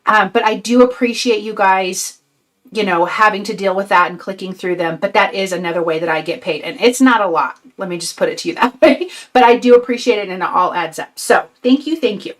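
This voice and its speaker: A woman's voice: mid-range voice, fairly quick. An older woman hosting a casual live craft stream, chatty and sweet, sounding tired and a bit out of breath. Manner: chatty, reads out viewer comments, sweet and upbeat. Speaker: craft channel host.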